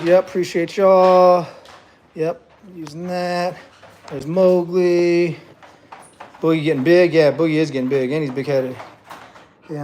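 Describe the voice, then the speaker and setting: A man's voice: a little high, darkish tone. A man working as a dog trainer, chatting in laid-back slang while he trains dogs and talks to viewers. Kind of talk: live-streamed training session chat. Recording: echoey room, off-mic, noisy.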